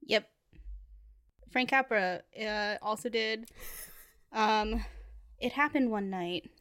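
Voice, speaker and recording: A woman's voice: medium pitch, slow pace, a bit bright, no room sound, studio quality. A woman co-hosting a casual movie podcast, chatty and self-deprecating, laughing often as she talks. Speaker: podcast co-host. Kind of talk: casual movie-review chat.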